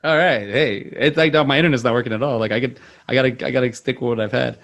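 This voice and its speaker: A man's voice: medium pitch, quick pace, a bit bright. A man hosting a movie podcast in casual, rambling chat, self-deprecating with many restarts. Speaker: podcast host.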